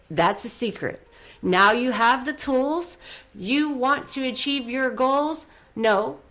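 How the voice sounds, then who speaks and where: A woman hosting a motivational talk show, her voice sitting at an ordinary middle pitch. She talks in an effusive, upbeat way, dropping soft for the breathing guidance and rising eagerly when she cheers listeners on. Faint music plays underneath. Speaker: radio show host.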